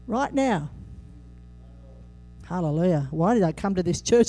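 A woman preaching a sermon, animated and humorous, acting out scripture quotes with sudden jumps in voice. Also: a little high, normal speed, pauses often.

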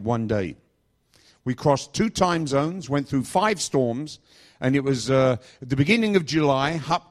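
Joking English preacher, lively pitch. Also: male voice. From England. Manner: chatty, joking storyteller. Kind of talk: storytelling sermon.

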